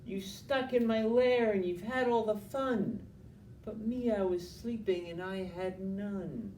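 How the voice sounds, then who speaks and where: A big, sulky storybook bear, played by a man reading aloud, grumbling loudly in a raised, complaining voice. The room echoes and the mic sits some way off. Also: high-pitched, slow, a little hiss or hum, pitched above the performer's own voice. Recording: roomy, from a distance.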